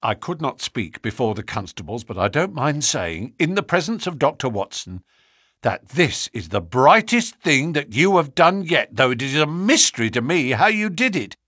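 Brief: male reader playing a brusque, indignant inspector with a bright edge. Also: fairly high pitch, big pitch swings, normal speed, dry recording, clean studio sound, heavily acted. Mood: grateful. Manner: blunt, gruff, indignant.

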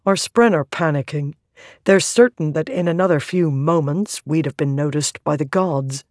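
A woman voicing an earnest, level-headed young man in a measured way. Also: low voice, a little mellow, no echo, studio quality, lightly acted.

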